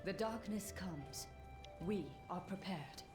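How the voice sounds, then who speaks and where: A woman playing a solemn soldier of a dark empire in a game, speaking slow, grave stock phrases. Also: medium pitch, lively intonation. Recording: distant echoey game audio with music.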